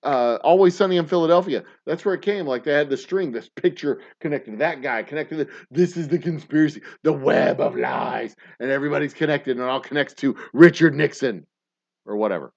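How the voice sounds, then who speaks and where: A man in his thirties hosting a casual show, ranting profanely, swinging from mumbled asides to loud outbursts. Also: a little high, brisk, vocal fry, dull audio. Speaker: podcast host.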